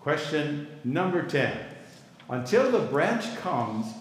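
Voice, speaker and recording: A man's voice: a little high, big pitch swings, takes it slowly. A middle-aged male pastor teaching a Bible class in a conversational way, stopping to ask the class for reactions. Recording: echoey hall with long reverb.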